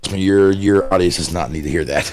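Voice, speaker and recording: A man's voice: sits low, normal speed, a little mellow. A man chatting as a guest on a live stream, joking, swearing a lot and laughing. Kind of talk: casual chat.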